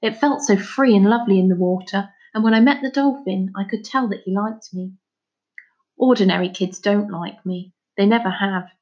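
A woman's voice: medium pitch, moderate pace, darkish tone, highs cut off, lightly acted. A woman reading aloud voices a sensitive, lonely young boy who asks eager, pleading questions. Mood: wondering.

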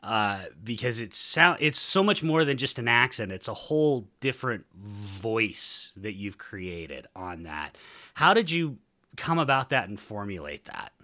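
A man's voice: lowish voice, sing-song, a little slow, bright, forceful tone. A man hosting a podcast, asking long, enthusiastic, rambling questions. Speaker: podcast host, interviewer. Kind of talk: casual interview.

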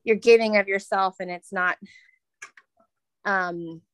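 Woman asking a question, halting with fillers, dry close sound. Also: medium pitch, steady tone, clean tone, no room sound, low-quality recording. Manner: hesitant, many fillers and "like". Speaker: audience member asking a question.

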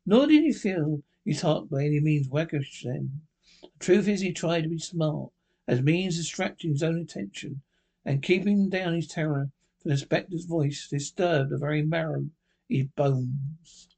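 A man reading a classic story aloud, with halting slips and restarts. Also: a little high, vocal fry, a little mellow. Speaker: narrator.

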